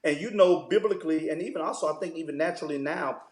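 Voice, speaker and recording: Pastor, male, fairly high voice, easygoing storyteller; recorded in an echoey room. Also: fast. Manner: relaxed, storytelling, frequent "man" fillers. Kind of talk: conversational interview.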